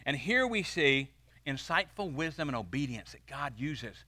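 Bright-voiced preaching man. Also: medium pitch, very animated, no room sound. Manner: emphatic preaching, slowing to stress key lines. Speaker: pastor. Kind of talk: sermon.

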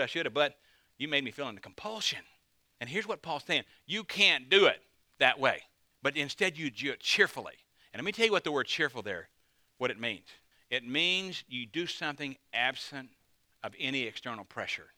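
A man's voice: on the high side, pushed and bright, no echo. A man, a pastor, preaching a conversational sermon with dramatic emphasis.

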